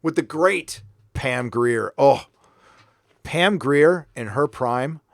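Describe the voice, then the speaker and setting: A man's voice: medium pitch, lively intonation, slow pace, creaky, no echo, clean studio sound. A man hosting a casual livestream, reading viewer donations aloud and answering them with sarcastic, mock-earnest remarks.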